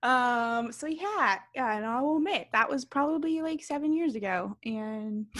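Woman in her thirties, podcast co-host; animated storyteller, swears freely, slightly high voice. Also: measured pace. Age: 30s. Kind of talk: casual storytelling chat.

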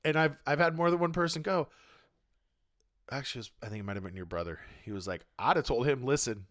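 A man's voice: mid-range voice, quick pace. A man in casual chat, telling a story with lots of swearing and acting out what other people said. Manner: animated, swears freely, acts out other people's lines.

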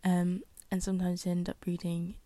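A woman's voice: on the low side, completely flat delivery, moderate pace, dark tone, dry recording. A young woman hosting a solo podcast, chatting casually and rambling with many fillers and self-deprecating asides. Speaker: podcast host.

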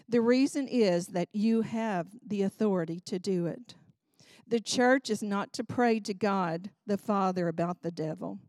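A woman leading a Bible study, reading aloud from a book and teaching in an earnest, expressive way. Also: medium pitch, dry recording, studio quality.

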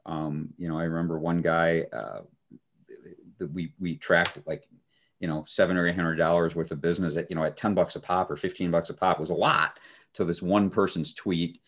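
A man co-hosting a podcast, telling a story in a relaxed way with dry, sarcastic humor and lots of fillers. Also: sits low, fairly quick. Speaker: podcast co-host. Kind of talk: casual conversational storytelling.

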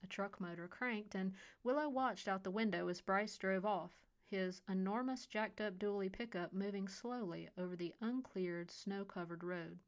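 A woman reading a short story aloud in a quiet, even way. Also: medium pitch, normal speed, few pauses. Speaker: narrator. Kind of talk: scripted story narration.

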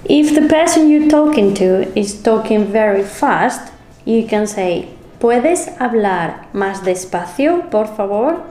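A woman with a Spanish accent co-hosts a casual language lesson, voice sitting a touch high. She sounds out each phrase slowly and carefully, in an echoey room. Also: expressive, warm tone. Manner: slow, careful modeling of phrases. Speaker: Spanish teacher co-host.

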